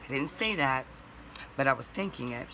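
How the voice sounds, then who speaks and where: A hoarse woman vlogger telling a rambling story in a chatty way and laughing at herself. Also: a bass voice, expressive, normal speed, bright, forceful tone, a little hiss or hum. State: hoarse, voice going out. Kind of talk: casual storytime vlog.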